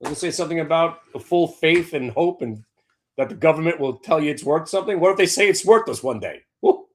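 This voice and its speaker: A man's voice: on the high side, animated, quick pace, slight background noise. Brash, sarcastic man ranting. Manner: brash, profane, sarcastic rants. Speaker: market show host. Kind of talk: opinionated trading talk.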